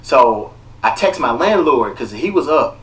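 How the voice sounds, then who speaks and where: A man hosting a podcast, telling a story in casual chat with animated, profane energy. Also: medium pitch, unhurried, recorded from a distance. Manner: profane, animated, heated retelling. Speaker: podcast host.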